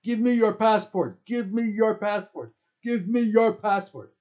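A man's voice: high voice, measured pace, a little mellow, pitched above the performer's own voice. A man voicing a big, burly, angry Dutch security guard who bellows the same demand over and over. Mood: shouting. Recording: dull lo-fi recording.

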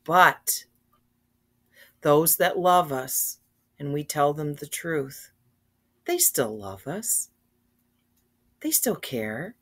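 Older woman, unhurried and gentle, reads picture books to kids and talks to them directly. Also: low voice, very animated. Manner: gentle, earnest, speaks directly to children with questions. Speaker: storyteller reading to children. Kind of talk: children's story read-aloud.

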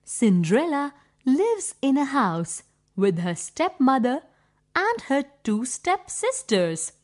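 A woman reading a children's story aloud for young pupils, clear and deliberate, with simple phrasing. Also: high voice, sing-song.

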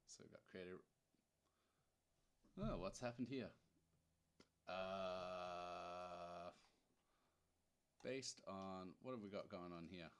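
Young man, deep voice, casual live tutorial host, chatty and wry, thinking out loud. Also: slow, pauses often, clear, resonant tone. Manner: thinks aloud, loose and chatty, wry asides. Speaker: software demo presenter.

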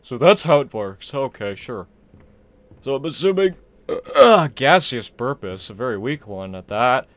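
A young man casually commenting on a horror game he is playing, rambling, excitable and self-deprecating. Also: mid-range voice, moderate pace, no room sound. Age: young adult. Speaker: gaming channel host. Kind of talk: casual let's-play commentary.

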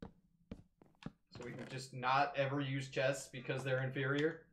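A young man hosting a casual gaming session, playfully melodramatic, swinging into loud mock outrage and laughter. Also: medium pitch, little pitch movement, slow, echoey room, slight background noise. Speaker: gaming channel host.

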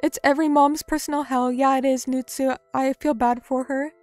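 A young woman with a bright, high voice chatting on her live stream, playful and self-mocking as she answers her chat. Soft music hums faintly in the background. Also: little pitch movement, normal speed, no echo.

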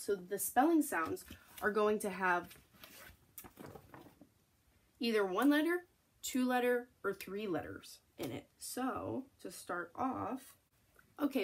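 A young woman teacher giving a phonics lesson for children, slowly sounding out letters and praising the class. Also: medium pitch, fairly bright tone, breathy edge. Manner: slow, encouraging, sounding out letters.

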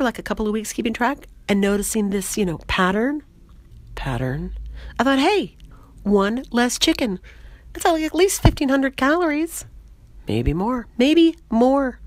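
A hoarse woman voicing a goofy, flirtatious woman at a reunion bar, chatty and excitable. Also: fairly high pitch, no room sound, voice pushed up. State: hoarse, voice mostly lost.

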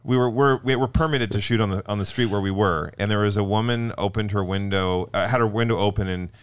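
A man in his forties, a podcast guest, telling a story in a quick, playful way. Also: fairly low pitch, fairly even intonation, clean tone, dry recording. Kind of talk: casual chat.

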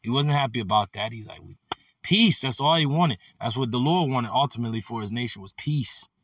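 A man preaching a casual, animated sermon, reading Bible verses and adding slangy asides. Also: mid-range voice, fast, no echo, studio quality, distant mic. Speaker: preacher teaching scripture.

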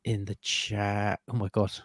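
A man's voice: on the low side, little pitch movement, a little slow, no echo, clean studio sound. A man around thirty hosting a live podcast in a chatty, upbeat way, greeting viewers one by one. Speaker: podcast host. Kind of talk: casual live-stream chat.

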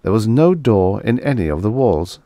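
A man narrating vintage science fiction stories in a measured, dramatic storytelling manner. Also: on the low side, sing-song, mellow, no echo, clean studio sound. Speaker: audiobook narrator.

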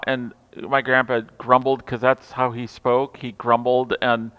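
A man preaching a Christmas Eve sermon, telling stories with humor and swinging from loud declarations to hushed asides. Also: mid-range voice, flat delivery, measured pace, clean tone, highs cut off. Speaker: pastor. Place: large church sanctuary. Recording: reverberant church hall.

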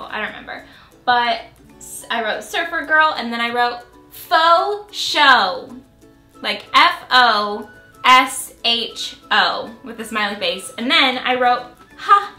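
Late-20s woman vlogger, giggly and chatty, reading an old diary aloud; bright tone in an echoey room. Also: on the high side. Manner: giggly, laughs between lines.

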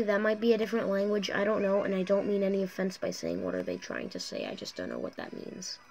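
Recorded via her phone's microphone and a screen recorder, a woman gives loose, chatty commentary as she plays a mobile racing game for her YouTube channel. Her voice is medium in pitch with a somewhat dark tone.

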